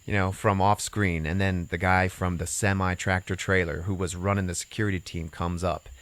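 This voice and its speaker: A deep-voiced man hosting a podcast, recapping a story in a rambling, casual way and slipping into the characters' lines. The recording is dry and close, with no room sound. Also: level tone, normal speed, a bit bright, no room sound. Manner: rambling storyteller acting out quotes. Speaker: podcast host. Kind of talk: casual chat.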